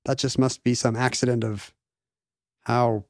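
A man co-hosting a casual chat, wondering aloud with wry quick asides. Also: medium pitch, flat delivery, a little mellow, dry recording, studio quality.

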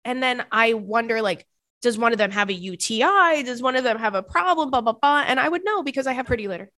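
A young woman hosting a podcast in casual chat, animated and prone to high, squealing laughter, recorded close on a microphone. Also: fast talker, no room sound. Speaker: podcast host.

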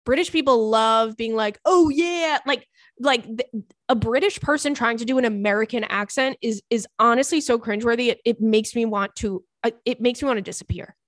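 A young woman hosts a casual podcast, reading listener notes and reacting with profane, animated asides. Her voice sits fairly high. The sound is dry and close to the mic. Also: a little fast, hardly any pauses, no echo. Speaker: podcast host. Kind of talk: casual comedic chat reading listener messages.

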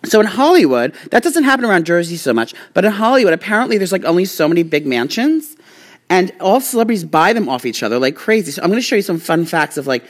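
A woman's voice: fairly low pitch, very animated, fast. A tipsy, hiccuping woman at home, reading out facts in a rambling way with lots of fillers. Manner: rambling, reads aloud with fillers and restarts. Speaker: vlog host reading celebrity facts. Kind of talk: casual chat. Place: home, indoors.

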